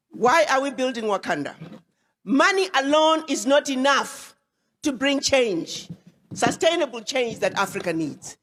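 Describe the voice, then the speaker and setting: A woman addresses an audience as an ambassador, her voice high and her delivery emphatic, with words repeated for force. The speech rings out with a long reverb tail, like a large hall. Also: a bit bright. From Ghana. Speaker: ambassador giving a public address.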